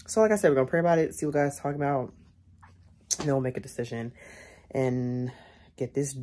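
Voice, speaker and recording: A woman's voice: rumbling low, normal speed, long pauses, warm tone. A young woman vlogging casually at home, chatty and repeating herself, often calling viewers y'all. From Chicago area, United States. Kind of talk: casual vlog to camera.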